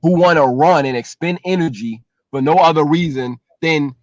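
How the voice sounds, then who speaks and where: A man co-hosting a casual live-stream talk show, animated and explanatory. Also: a little high, moderate pace, dry recording, highs cut off. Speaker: co-host, relationship talk.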